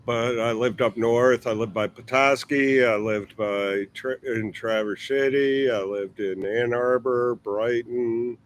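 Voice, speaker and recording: A man hosting a casual livestream, who laughs easily and signs off with warm words. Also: medium pitch, steady tone, slow pace, hardly any pauses, slight background noise. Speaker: host.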